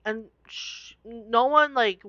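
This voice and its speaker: Chatty young woman with a smooth voice. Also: on the high side, slow, fairly bright tone, dry recording, dull audio. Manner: chatty, laughing, with many "like" fillers. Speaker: vlogger. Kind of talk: casual storytelling.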